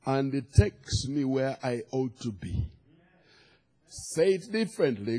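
A middle-aged man from Uganda with a Ugandan accent, preaching a sermon, swinging from soft asides to loud proclamations. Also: medium pitch, very animated, slow. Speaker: pastor.

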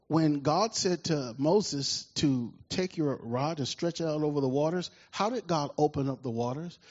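A man preaching a sermon in an animated way, often asking the congregation questions, with a husky voice. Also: on the high side. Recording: dull lo-fi recording.

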